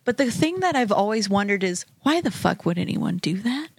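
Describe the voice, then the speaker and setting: A woman's voice: medium pitch, sing-song, moderate pace, gravelly, breathy edge, dry recording. A woman in casual podcast chat who leads the talk with questions. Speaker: podcast co-host.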